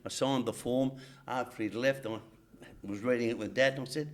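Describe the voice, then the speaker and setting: A man's voice: medium pitch, brisk. An older Australian man, a guest on a sports chat show, telling long anecdotes with frequent stumbles and restarts. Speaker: guest, former cricketer. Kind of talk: storytelling in casual chat.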